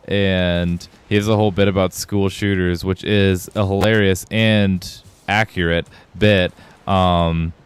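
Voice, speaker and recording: A man's voice: sits low, clean tone. A young man streaming a video game live, chatting loosely with viewers, rambling and swearing freely. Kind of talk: casual gaming livestream chat.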